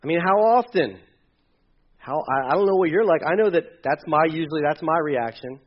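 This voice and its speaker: High-voiced pastor preaching animatedly. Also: male voice, moderate pace, highs cut off. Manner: animated, conversational preaching with humor. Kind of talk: sermon.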